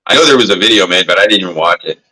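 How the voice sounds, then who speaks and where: A man's voice: low-pitched, animated, very fast, pushed and bright, low-quality recording. A man hosting a casual livestream, talking in a loose, profane, rambling way and coughing now and then from smoking. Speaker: livestream host. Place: indoors at a grow setup.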